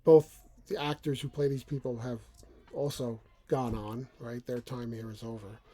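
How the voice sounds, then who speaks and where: Middle-aged guy rambling at home, stumbles over words a lot, warm low-key voice. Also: fairly even intonation, normal speed. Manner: rambling, stammers and repeats words. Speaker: channel host. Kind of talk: casual talk to camera. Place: small room at home.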